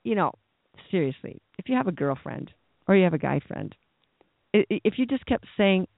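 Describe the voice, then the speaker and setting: A man's voice: high voice, big pitch swings, fairly quick, creaky, no echo. A man preaching a sermon in a blunt, impassioned, exhorting way. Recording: tinny phone-like dry sound.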